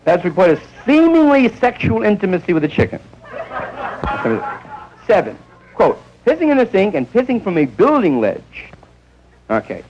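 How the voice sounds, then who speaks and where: A man's voice: wildly swooping pitch, moderate pace, long pauses, a little mellow, slightly rough, lo-fi sound. A man in his thirties doing a rambling live stand-up routine on a nightclub stage, acting out characters, heard on an old 1960s film recording. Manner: rambling, acts out characters with high squeaky voices. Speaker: stand-up comedian.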